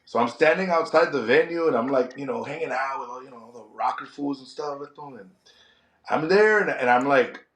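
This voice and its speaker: A middle-aged man from San Antonio, a wrestler and promoter chatting in an interview, animated and slipping in Spanish slang. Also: medium pitch, brisk. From San Antonio, Texas. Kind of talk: casual interview chat. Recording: echoey room.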